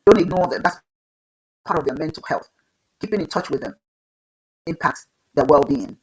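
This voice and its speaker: A woman's voice: low-pitched, lively intonation, normal speed, a little mellow, breathy edge, rough recording. A woman hosting a live online show, giving earnest, loose spiritual advice over a video call. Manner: earnest, advising, loose and conversational. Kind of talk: casual spiritual advice talk.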